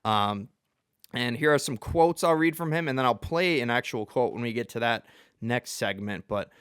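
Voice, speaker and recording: A man's voice: medium pitch, lively intonation, moderate pace, fairly bright tone, clear, resonant tone, no echo, studio quality. A man hosting a sports show with casual, rambling commentary. He is self-deprecating and chuckles in the middle of sentences.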